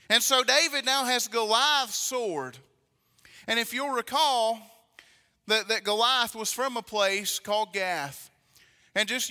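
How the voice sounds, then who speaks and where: A man's voice: sits high, pushed and bright, in a large hall. A man preaching a folksy sermon to his congregation, reading scripture and telling jokes. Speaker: pastor. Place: church sanctuary.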